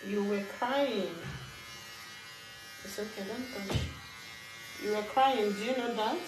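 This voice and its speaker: Woman, mother, casual home vlog, chatty, echoey room, clear background buzz. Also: medium pitch, slow, background noise. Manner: chatty, talks to viewers as friends. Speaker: mother vlogger.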